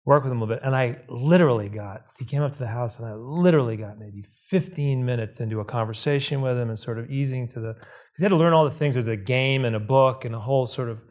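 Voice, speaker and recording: A man's voice: medium pitch, fast. Rambling man interrupting himself. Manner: rambling, self-interrupting, animated. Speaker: film director, panelist. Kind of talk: panel discussion.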